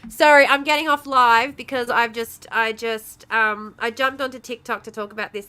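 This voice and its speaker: A woman streaming live, shaking with anger, swearing and swinging between loud outbursts and quiet muttering. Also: sits high, unhurried. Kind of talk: angry livestream rant.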